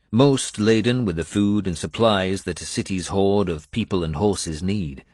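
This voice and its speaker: A man narrating an audiobook in the first person, with steady, measured storytelling. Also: low voice, no room sound, clean studio sound.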